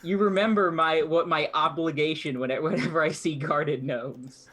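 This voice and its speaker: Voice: medium pitch, steady tone, moderate pace, fairly bright tone. A player in a tabletop role-playing game, talking playfully in and out of character. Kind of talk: tabletop role-play chat.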